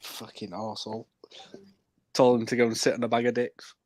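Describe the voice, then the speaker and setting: A man's voice: medium pitch, flat delivery, brisk, a little mellow, no room sound. A man in casual chat, sardonic and swearing.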